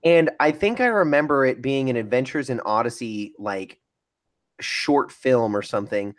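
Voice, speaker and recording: A man's voice: mid-range voice, moderate pace. Reflective man in casual chat. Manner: reflective, recalling and picturing scenes. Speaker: podcast co-host.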